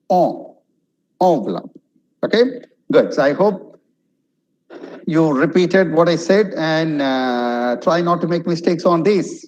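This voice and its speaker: A man leads an online English lesson, speaking slowly and carefully through word drills so that learners can repeat after him. His voice is slightly husky, and his pitch sits in an ordinary middle range. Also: a little mellow, rough recording. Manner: slow, drills single words for repetition. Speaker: English pronunciation and vocabulary trainer.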